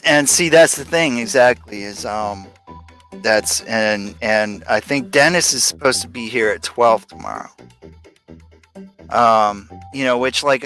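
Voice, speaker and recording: Male live-stream host, mid-pitched, loose rambling delivery full of fillers, soft music bed underneath. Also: rough recording. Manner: rambling, venting, many fillers and restarts. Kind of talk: casual rambling live chat. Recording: faint music behind.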